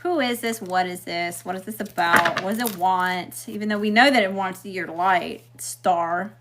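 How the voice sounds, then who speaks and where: A woman's voice: fairly low pitch, moderate pace, heavy background noise. A middle-aged woman doing a casual spiritual tarot reading, emphatic and blunt, checking in with "okay?" and swearing freely. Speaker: tarot reader.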